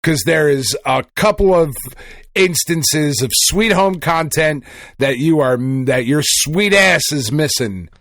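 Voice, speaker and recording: A man's voice: a little high, animated, slow pace, a bit bright, no echo, studio quality. Foul-mouthed man rambling through a story. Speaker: podcast co-host. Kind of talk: casual chat.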